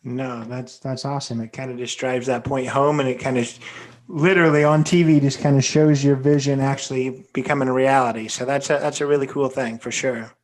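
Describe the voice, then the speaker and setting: A man hosting a podcast, relaxed and affirming as he steers the guest to the next topic. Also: mid-range voice, fairly quick. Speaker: podcast host. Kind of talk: casual interview.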